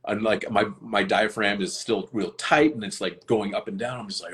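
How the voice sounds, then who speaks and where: Guy on a live stream just rambling earnestly, lots of likes and restarts, kinda low voice. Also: normal speed, a bit bright. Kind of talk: casual chat.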